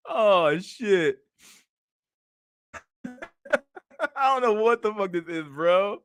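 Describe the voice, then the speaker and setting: A man's voice: high voice, animated, drawn-out words, pauses often, a bit bright, clear, resonant tone, no room sound. A man streaming casual reaction commentary on videos, with crude slang, frequent laughter, and a habit of calling his viewers dog and bro.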